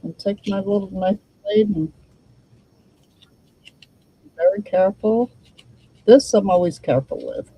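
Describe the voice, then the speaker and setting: A woman's voice: medium pitch, measured pace, long pauses, slightly rough, highs cut off. A woman hosting a casual crafting demo, thinking aloud and chatting to her viewers while she works. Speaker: crafting channel host.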